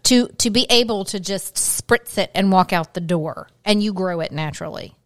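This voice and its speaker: A woman's voice: medium pitch, normal speed, dry recording. Middle-aged woman, wry teasing co-host, casual chat, dry close mic. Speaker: podcast co-host.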